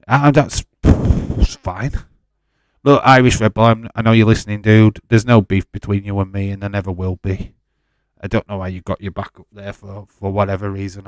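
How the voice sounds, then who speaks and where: A 40-something man runs a casual watch-along stream, responding to live chat in a defensive, straightforward way and speaking to chatters by name. His lowish voice is smooth, and the recording has no room sound.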